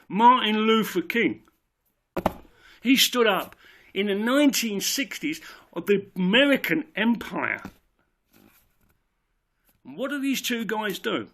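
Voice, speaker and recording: A man delivers a heated monologue, swearing and driving his points home through repetition. His voice is gravelly and sits a little high for a man. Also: sing-song, slow, pauses often, a bit bright. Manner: ranting, emphatic, swears, repeats himself. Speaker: political speaker. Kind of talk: impassioned monologue.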